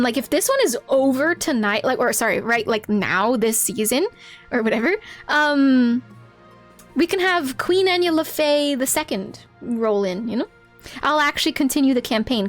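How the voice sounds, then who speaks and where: A woman streaming a game live, laughing often and talking to her chat while reading out game lines. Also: sits high. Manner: giggly, animated, reads out game lines.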